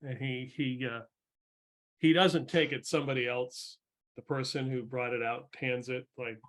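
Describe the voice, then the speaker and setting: A man narrating a tabletop game as game master, halting with many restarts. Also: medium pitch, steady tone, a bit bright.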